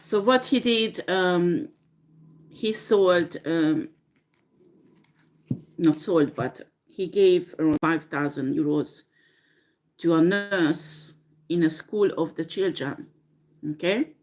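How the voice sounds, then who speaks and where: Slow, low-voiced woman doing a tarot reading. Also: a little mellow. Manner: slow, hesitant, many fillers. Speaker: tarot reader. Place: home with a dishwasher running.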